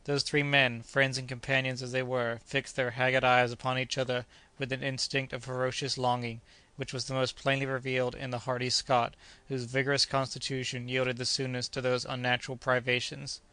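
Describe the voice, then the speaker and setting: A man narrating an adventure audiobook in a measured, steady reading. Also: medium pitch, smooth, no room sound.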